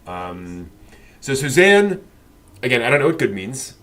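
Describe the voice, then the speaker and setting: A man's voice: medium pitch, sing-song, a little slow, a bit bright, slight background noise. A man co-hosting a casual anime discussion, rambling with many fillers and restarts. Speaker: podcast co-host.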